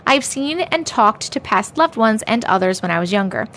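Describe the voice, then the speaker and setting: Playful woman livestreamer, slightly high voice. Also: expressive, normal speed, a little hiss or hum. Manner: playful, drifts between put-on accents; thanks viewers warmly and often. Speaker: livestream host reading viewer stories. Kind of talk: casual livestream chat and story reading.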